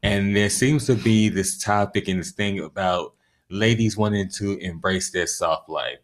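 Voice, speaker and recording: Deep-voiced man hosting. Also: unhurried. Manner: steady, leads the talk and asks questions. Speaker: podcast host. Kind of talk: casual chat.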